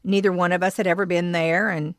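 A middle-aged woman telling a personal story, reflective and halting, with frequent pauses and restarts. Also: lowish voice, little pitch movement, no room sound, studio quality. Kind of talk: personal testimony.

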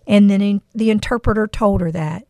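A woman's voice: medium pitch, brisk, warm tone, no echo, studio quality. A middle-aged woman hosting a podcast, telling a personal story with earnest emotion and reflecting on Bible verses. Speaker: podcast host.

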